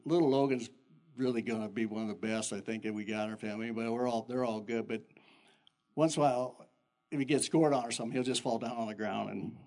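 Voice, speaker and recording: An older man who is a pastor, giving an animated sermon full of personal stories that jump in pitch. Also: gravelly. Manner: animated storytelling with sudden pitch jumps and chuckles.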